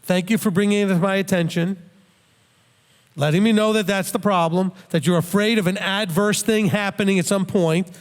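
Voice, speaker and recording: A man's voice: high-pitched, fairly even intonation, moderate pace. A middle-aged man giving a plain-spoken, earnest Bible teaching, often repeating words as he thinks aloud. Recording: long hall reverb.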